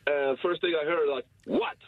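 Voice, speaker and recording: A man's voice: fairly high pitch, expressive, normal speed, no echo. A male caller with a European accent on a radio phone-in, telling a story with amusement and acting out the voices he quotes. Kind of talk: casual phone-in chat. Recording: muffled phone line.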